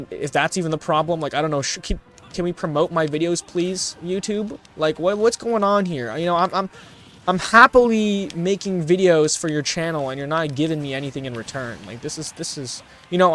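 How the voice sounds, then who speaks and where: A man's voice: fairly high pitch, a bit bright. A young man vlogging, telling casual stories to his viewers in a rambling, self-mocking way with many restarts. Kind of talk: casual storytelling to camera.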